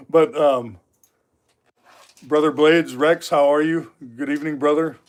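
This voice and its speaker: A man's voice: a little high, steady tone, takes it slowly. A man in his fifties from Alaska, hosting a livestream and telling rambling stories full of filler words. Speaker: livestream host. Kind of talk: casual storytelling. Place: knife workshop.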